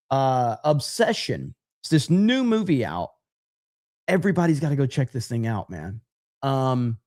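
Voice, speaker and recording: A man's voice: on the high side, no echo, studio quality. A man hosting a podcast, chatting casually and bluntly with frequent swearing, reacting to clips and thanking donors. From United States. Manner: blunt, profane, emphatic; reads donor names and thanks them. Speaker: podcast host.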